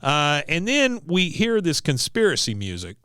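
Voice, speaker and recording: A man hosting a podcast, recapping an episode in a casual, animated way. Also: a little high, moderate pace, clear, resonant tone, no echo, clean studio sound. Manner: animated, laughing storyteller. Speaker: podcast host.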